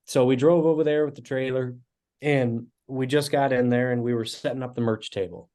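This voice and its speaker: A man in his twenties, a guest musician, telling animated stories with casual fillers in an interview. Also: mid-range voice, moderate pace. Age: 20s. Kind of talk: storytelling interview.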